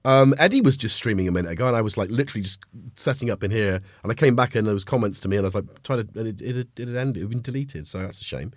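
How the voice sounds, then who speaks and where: A man's voice: fairly low pitch, racing, dry recording, studio quality. A middle-aged man from North Wales with a North Welsh accent, chatting casually with viewers on a live stream while he has a cold. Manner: chatty, greets viewers, jokey asides. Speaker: livestream host.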